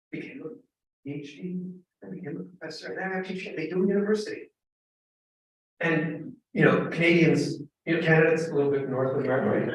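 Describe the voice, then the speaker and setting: High-voiced man joking in an echoey hall. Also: recorded from a distance. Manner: animated, joking, bursts of emphatic shouting. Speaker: guest lecturer, professor. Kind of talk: humorous storytelling talk. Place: large echoing temple hall.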